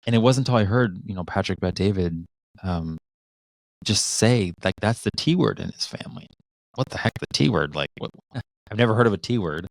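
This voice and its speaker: A middle-aged man with a low voice talks in loose, reflective podcast chat, restarting his sentences as he thinks. The recording is dry and close. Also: expressive, brisk, dry recording. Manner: reflective, many restarts and fillers. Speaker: podcast co-host. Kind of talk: casual conversational chat.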